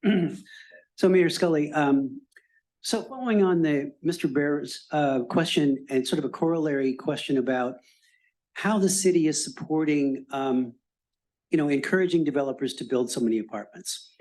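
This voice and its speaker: A man with a slightly higher voice moderates a city hall meeting, relaying online questions to the mayor. He speaks hesitantly, halting over his words. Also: darkish tone. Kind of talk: public meeting Q&A.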